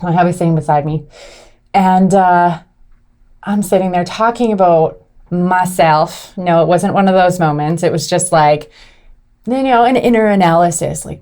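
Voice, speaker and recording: Animated woman telling a story. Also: on the low side. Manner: animated storyteller, laughs often, acts out quotes. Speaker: podcast co-host. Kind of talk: casual chat.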